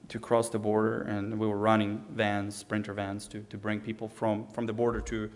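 Speaking in a fairly low, monotone voice at a moderate pace, this young man from Ukraine shares his testimony earnestly and casually. He frequently starts his sentences over and performs the dialogue he quotes.

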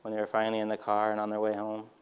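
Low, flat-voiced man reading a story. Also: very fast, smooth, highs cut off.

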